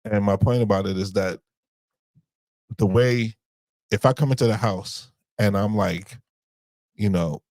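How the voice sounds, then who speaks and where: Low-voiced man, rambling podcast chat. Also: a little slow, long pauses, darkish tone, no room sound. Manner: rambling, searches for words, acts out dialogue. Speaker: podcast co-host. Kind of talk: casual chat.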